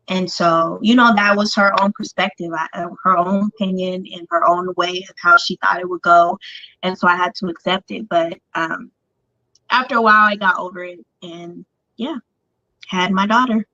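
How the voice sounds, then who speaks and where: A woman's voice: lowish voice, fairly even intonation, moderate pace, pushed and bright, no room sound. A woman guest candidly telling her life story in an interview, speaking with lots of "like" and "um". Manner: candid, filler-heavy speech with frequent "like" and "um". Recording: dull lo-fi dry recording.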